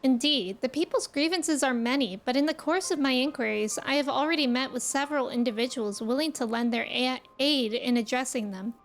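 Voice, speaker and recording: A woman's voice: high voice, fairly quick, few pauses. A woman reading as a modest older man, a reluctant leader in a fantasy game. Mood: modest, formal. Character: earnest older male town leader, modest.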